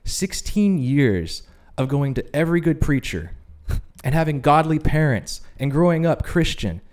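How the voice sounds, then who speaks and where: A man's voice: fairly high pitch, very animated, a little slow, darkish tone. Earnest man telling his testimony. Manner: earnest storyteller, acts out quoted voices. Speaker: podcast co-host sharing testimony. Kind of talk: personal testimony, casual chat.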